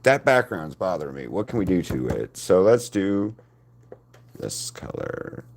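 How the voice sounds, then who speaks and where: A deep-voiced man talks to his live-stream chat while he paints. His pitch swings widely as he rambles, and he pokes fun at himself. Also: sing-song, vocal fry, darkish tone, slight background noise. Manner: rambling, self-deprecating, talks to chat viewers between pauses.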